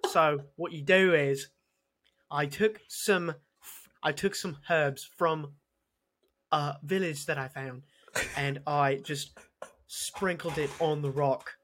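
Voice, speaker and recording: A man's voice: a little high, steady tone, slow, long pauses, fairly bright tone. A man doing a hammy celebrity chef. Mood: mock serious. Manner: overblown food praise, narrating each cooking step. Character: impression of a famous male TV chef cooking caveman style.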